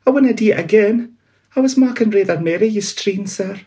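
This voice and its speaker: A man's voice: high-pitched, brisk, warm tone, pitched above the performer's own voice, close to an everyday voice. A man with a North-East Scots accent voicing a timid young male clerk who pleads and apologises, in a storybook reading. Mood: pleading.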